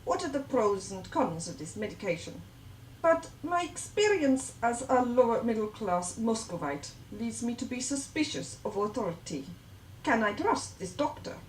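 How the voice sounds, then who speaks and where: A woman's voice: fairly high pitch, echoey room, slight background noise, poor audio. A woman playing an anxious fifty-year-old man with a put-on Russian accent, musing and second-guessing himself in a scripted training video.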